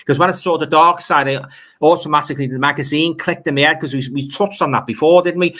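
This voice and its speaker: A bright, forward-sounding man with a Liverpool accent, chatting loosely on a livestream. He rambles and repeats words as he replies to viewer comments, keeping an easygoing, conversational flow. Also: a little high, steady tone, fast talker. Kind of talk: casual livestream chat.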